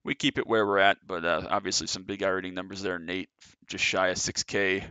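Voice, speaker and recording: A man's voice: low-pitched, little pitch movement, a little fast, pushed and bright, smooth, no echo. A man giving casual, chatty commentary on his own sim race, a little out of breath. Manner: chatty, filler-heavy, self-correcting. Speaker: sim racing streamer.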